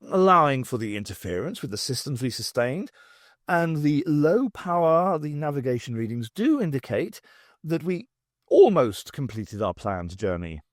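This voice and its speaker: An irritable male time traveller, as read by an audiobook narrator, lecturing briskly with dry sarcasm and a lively, rising and falling delivery. The recording is dry and close. He sounds impatient at being questioned. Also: medium pitch, no room sound, natural voice. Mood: explaining. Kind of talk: audiobook character voice.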